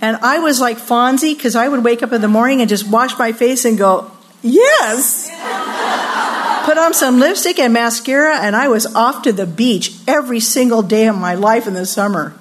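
Animated older woman preaching with stories. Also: fairly high pitch, fairly quick, few pauses, slight background noise. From California. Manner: animated storyteller, acts out quoted voices, laughs often. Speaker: women's retreat speaker. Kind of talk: sermon-style talk with personal stories.

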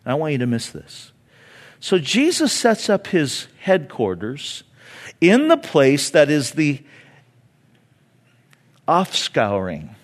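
A man from California preaching a conversational sermon in a church, with dramatic pauses. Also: a little high, huge pitch swings. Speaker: pastor.

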